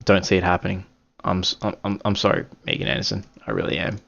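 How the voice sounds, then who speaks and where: Gravelly low man rambling. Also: animated, fast talker, a bit bright, muffled recording. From Australia. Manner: rambling, self-correcting, apologetic. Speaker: podcast host giving fight picks. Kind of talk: casual solo commentary.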